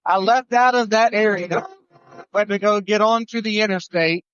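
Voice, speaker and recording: A man, a trucker co-host telling a road story on a live show, animated and restarting his sentences. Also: sits high, moderate pace, smooth, lo-fi sound.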